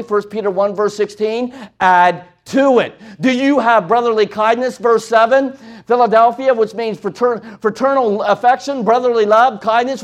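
A man preaching a sermon with passion, moving between loud calls and hushed, emotional passages. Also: sits high.

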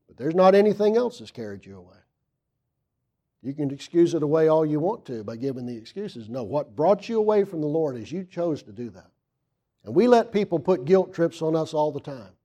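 A man preaching a sermon, reading scripture aloud and asking the congregation questions, swinging from loud emphasis to hushed asides. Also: a little high, animated, normal speed.

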